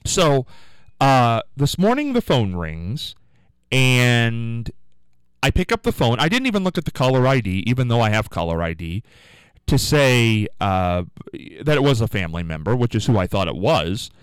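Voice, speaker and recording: A man hosting a morning call-in radio show, telling rambling stories in a chatty, animated way. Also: mid-range voice, normal speed, clean tone, no echo, rough recording. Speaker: radio talk show host. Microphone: studio microphone.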